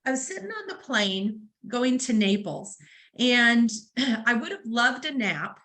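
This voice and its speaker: A woman's voice: on the high side, animated, slow, fairly bright tone, poor audio. A woman leading a real estate training session, telling a story and acting out both sides of a conversation. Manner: storytelling, acts out dialogue; conversational, uses fillers like um and right. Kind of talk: training seminar talk.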